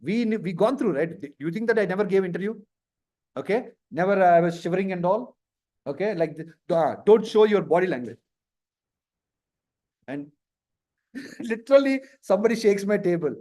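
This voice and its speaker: A man's voice: high voice, moderate pace, pauses often. A man coaching students through a live career lesson, often acting out nervous candidates and laughing. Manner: lively, acts out candidates in mock interview snippets. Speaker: career trainer.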